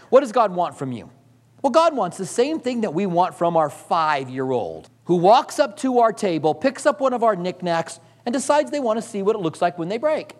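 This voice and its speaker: A man's voice: high-pitched, very animated, normal speed. A middle-aged male pastor preaching a sermon, telling stories and acting out voices of the people in them. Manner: storytelling, acts out voices, laughs often. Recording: long reverb of a large hall.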